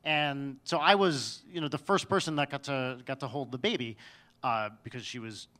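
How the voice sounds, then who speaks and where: A man's voice: mid-range voice, moderate pace, pushed and bright. A man telling a personal story on stage in a wry, self-mocking way, often restarting his sentences.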